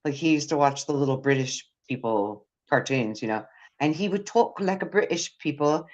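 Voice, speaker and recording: A woman with a low voice hosts a casual live chat show. She rambles through stories, restarting sentences and laughing along the way. The audio is dull and muffled, like a lo-fi stream. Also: animated, moderate pace, a little mellow. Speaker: podcast host.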